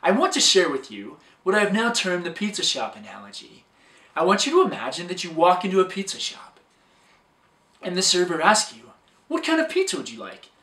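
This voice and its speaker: A man's voice: high voice, expressive, fairly quick, bright, forceful tone, distant mic. A man giving an upbeat, scripted talk as a dating coach, recorded in an echoey room a little way from the microphone.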